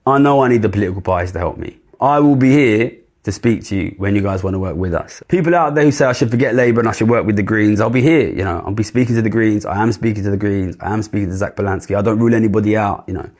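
A man's voice: on the low side, fast talker, few pauses, darkish tone. A British man speaking directly to camera in an earnest, urgent appeal, with frequent restarts and repeated phrases. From Britain. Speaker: commentator addressing politicians.

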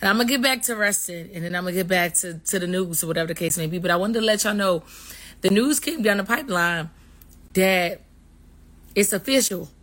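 A woman's voice: mid-range voice, a little fast, a bit bright. Woman chatting to followers about some news, laid back, lots of fillers. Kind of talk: casual news update to followers.

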